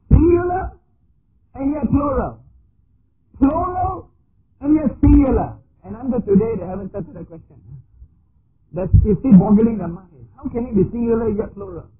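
A man preaching a sermon, teaching slowly and deliberately with repeated examples. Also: high-pitched. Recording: tinny phone-like archive recording with faint hiss.

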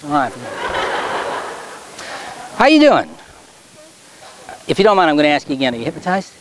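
A man working as a stage hypnotist at a school show, brisk and playful with his volunteers and slow and low when putting them under. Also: huge pitch swings, a little hiss or hum, rough recording. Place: high school stage before a student audience.

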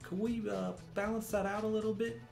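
A man's voice: sits high, flat delivery, a little fast, gravelly, a little mellow, echoey room, faint music behind. A man giving casual, sarcastic gameplay commentary as a gaming YouTuber. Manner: sarcastic, joking banter.

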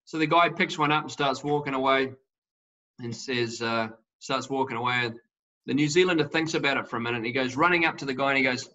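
Guy winemaker telling a fishing story and a joke, bright voice, muffled lo-fi call audio. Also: medium pitch, quick pace. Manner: relaxed storyteller, laughs through his jokes. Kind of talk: casual chat on a video call. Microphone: video call.

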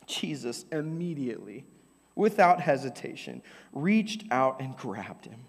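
A young adult man preaching a sermon into a microphone, telling the story with lively energy and sometimes dropping to a whisper. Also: mid-range voice, measured pace, breathy edge. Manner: animated storytelling preacher, drops to a whisper for emphasis. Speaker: pastor. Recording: long hall reverb.

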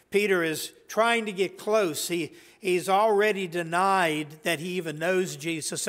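A man preaching a sermon as pastor, conversational and halting, with frequent restarts and fillers. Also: fairly high pitch, a bit bright, long reverb tail. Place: church sanctuary.

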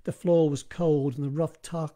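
A man narrating his own horror story in a steady, measured reading, recorded in one live take. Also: on the high side.

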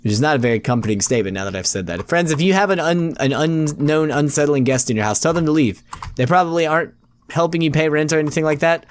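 A man with a fairly high voice talks fast while hosting a let's play gaming video. Playful and jokey, he keeps addressing viewers as his friends as he plays, with slight background noise in the recording.

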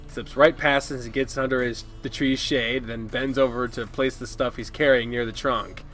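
A man playing through a visual novel, reading the narration aloud in a casual style and reacting loudly between passages. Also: medium pitch, fairly even intonation, moderate pace, hardly any pauses, faint music behind.

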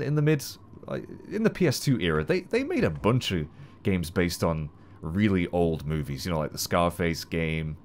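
A man giving chatty, animated gameplay commentary as a let's play host, swearing casually. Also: deep voice, slight background noise.

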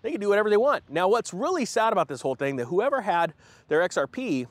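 A man hosting a casual crypto finance vlog, talking in an animated, jokey way and sometimes mocking companies in put-on voices. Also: high-pitched, fast talker. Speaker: host of a crypto finance channel.

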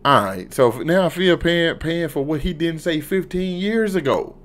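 A man's voice: on the high side, expressive, moderate pace, a bit bright. A man casually reviewing a TV episode, talking loosely and profanely, and leaning on "you know what I'm saying". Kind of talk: casual unscripted review vlog.

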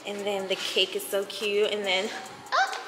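A woman's voice: mid-range voice, level tone, a little slow. A woman vlogging in casual chat, gushing and laughing often as she shows things around. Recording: echoey room with long reverb and music behind.

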